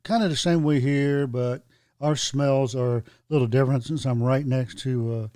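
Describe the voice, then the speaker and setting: A man from North Carolina co-hosting a podcast, talking in a relaxed, unhurried way. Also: medium pitch, no echo, studio quality. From North Carolina, USA. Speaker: podcast co-host. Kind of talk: casual chat.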